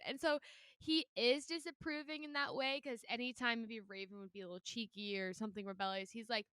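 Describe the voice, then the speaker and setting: A woman's voice: fairly high pitch, fairly even intonation, brisk, a bit bright, clean tone, no echo. A young woman co-hosting a podcast, chatting casually about a book in a bubbly, giggly way with lots of "like". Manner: bubbly, giggly, heavy filler "like". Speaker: podcast co-host.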